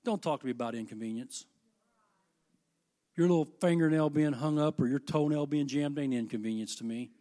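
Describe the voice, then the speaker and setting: Impassioned preacher, slightly high voice. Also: male voice, a little fast. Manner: impassioned and folksy, swinging between hushed and loud emphatic peaks. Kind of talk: sermon.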